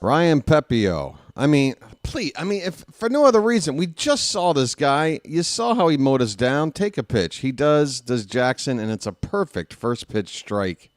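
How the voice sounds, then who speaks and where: An American man giving casual live fan play-by-play of a baseball game, chatty and talking to himself, with excitable bursts. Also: medium pitch, a little slow, few pauses, dry recording, clean studio sound, faint music behind. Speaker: play-by-play commentator.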